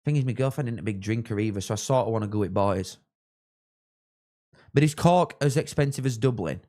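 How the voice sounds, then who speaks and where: A young man chatting casually on a live football watchalong, rambling and thanking viewers, with sudden excited shouts. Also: lowish voice, fairly quick. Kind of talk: casual live-stream chat with match reactions.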